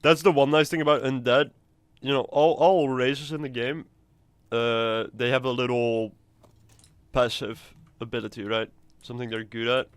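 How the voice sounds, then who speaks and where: A man's voice: medium pitch, little pitch movement, moderate pace, clean tone, no echo. A man giving casual, rambling gameplay commentary, swearing now and then. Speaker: gamer.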